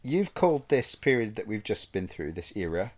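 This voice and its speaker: A man co-hosting a film podcast who talks things through earnestly and pokes fun at himself. His voice sits on the low side. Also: big pitch swings, moderate pace, a little mellow. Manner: earnest, mock-pleading, self-deprecating. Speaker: podcast co-host. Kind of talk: casual chat.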